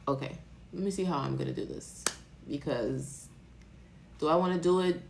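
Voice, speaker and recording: A woman's voice: deep voice, moderate pace, vocal fry, pauses often, a little hiss or hum. A woman giving a live-stream tarot reading, talking emotionally and rambling, with casual swearing. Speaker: tarot reader.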